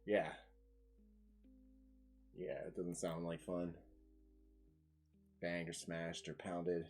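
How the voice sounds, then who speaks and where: A man's voice: low voice, completely flat delivery, drawn-out words, darkish tone, soft background music. An American man chatting casually on a stream with a co-host, joking around and putting on silly voices. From United States.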